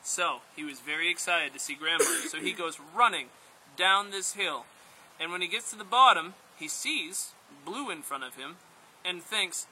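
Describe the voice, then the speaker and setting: A man telling a story aloud to a group, playful and animated, speaking directly to his listeners. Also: high-pitched, normal speed, slight background noise, poor audio. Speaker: storyteller and outdoor instructor.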